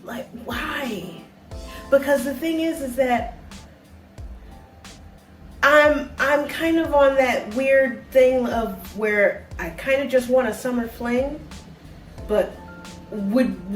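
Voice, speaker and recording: A woman's voice: a little high, measured pace. Chatty woman in her forties, echoey. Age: 40s. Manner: rambling, chatty, many fillers. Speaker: travel vlogger. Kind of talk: casual chat. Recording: echoey room, mic far off, faint music.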